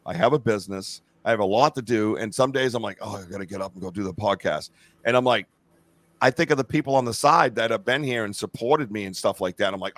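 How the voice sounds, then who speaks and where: A man's voice: medium pitch, quick pace, a bit bright, dry recording. A middle-aged man hosting a live-stream podcast, chatting casually in a rambling, profane and enthusiastic way. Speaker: podcast host. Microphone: remote stream call.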